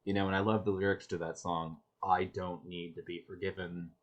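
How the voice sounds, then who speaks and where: Brief: low-voiced man hosting a reaction video, sarcastic and exasperated, stumbling over restarts. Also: level tone, brisk, muffled recording. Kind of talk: reaction commentary.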